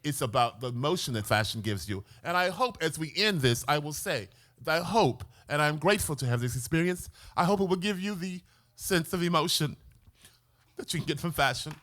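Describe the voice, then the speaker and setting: American man, curator on a panel, flamboyant, theatrical, swooping animated pitch, bright forceful tone. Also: a little fast. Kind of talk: lively panel talk. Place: museum event hall with audience.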